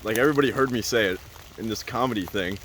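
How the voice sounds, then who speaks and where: A man's voice: lowish voice, fast talker, a bit bright, slight background noise. A man telling a casual, rambling story as a vlogger, full of "like" and "uh" and laughing often.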